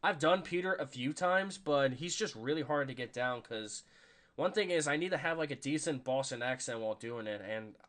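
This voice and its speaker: A man hosting a podcast, reacting to a live game, rambling with lots of fillers and jumping into excited play calls. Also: mid-range voice, moderate pace. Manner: rambling and self-conscious, full of fillers. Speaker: podcast host.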